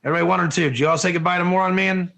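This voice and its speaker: A man teaching an online Torah class in a lively, joking way, firing questions at his students. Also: high-pitched, racing, vocal fry. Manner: animated, asks the class questions, often says "one or two", laughs at own jokes.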